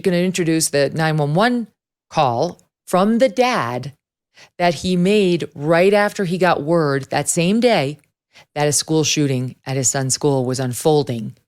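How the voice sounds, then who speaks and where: Blunt middle-aged woman host, low and smooth, quick argumentative delivery. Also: darkish tone. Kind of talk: talk show discussion.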